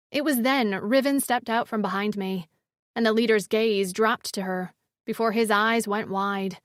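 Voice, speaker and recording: A woman's voice: on the high side, no room sound. A woman narrating an audiobook, dry studio voice. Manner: measured storytelling. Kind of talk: scripted first-person audiobook narration.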